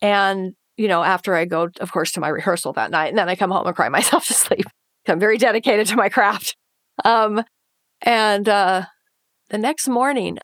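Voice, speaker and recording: A woman's voice: medium pitch, fairly bright tone, no room sound, clean studio sound. A woman telling a painful personal story as an interview guest, earnest and emotional, acting out her past thoughts and the voices of others. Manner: earnest, emotional retelling with quoted inner thoughts.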